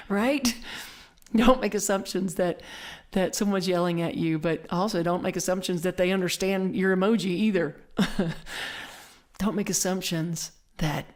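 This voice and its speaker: A woman minister giving a conversational sermon, telling stories in an animated way and dropping to soft whispers for emphasis. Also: on the low side, measured pace, long pauses.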